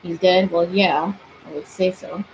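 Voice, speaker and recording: A woman's voice: on the low side, steady tone, a little slow, noisy background. A woman in her twenties streaming from her bedroom, chatting casually and asking spirits questions aloud. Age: 20s. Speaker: paranormal streamer. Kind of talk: casual live-stream chat.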